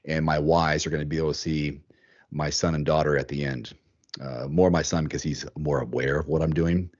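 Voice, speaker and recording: Podcast host, male, low voice, animated and chatty, dull lo-fi sound. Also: brisk. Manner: animated, thinks aloud, repeats words. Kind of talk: casual chat.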